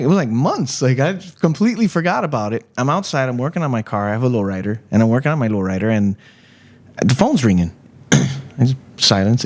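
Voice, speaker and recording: A man in his late forties chatting casually as a guest, telling an animated story, laughing often and acting out the voices of people he quotes. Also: lowish voice. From Chicago. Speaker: guest artist.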